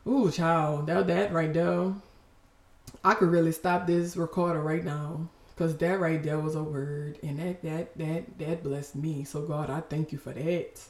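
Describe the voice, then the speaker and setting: A woman's voice: low voice, steady tone, a little slow. Fervent woman preaching in a roomy space. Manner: fervent, preachy, breaks off with exclamations. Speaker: podcast host giving a devotional. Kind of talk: emotional devotional talk.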